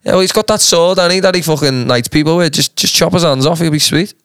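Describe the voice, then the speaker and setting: A man's voice: fairly high pitch, quick pace, a bit bright, smooth, dry recording, studio quality. A young man with a Manchester accent, co-hosting a podcast in casual, crude, joking banter. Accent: Mancunian English. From England. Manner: crude, joking, laughs a lot. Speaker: podcast co-host.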